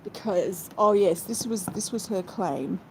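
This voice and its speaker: A woman chatting with viewers on a live stream, rambling with quick asides. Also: medium pitch, expressive. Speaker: vlogger. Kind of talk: casual live chat while travelling. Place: inside a moving car. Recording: road noise from the car. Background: vehicle noise.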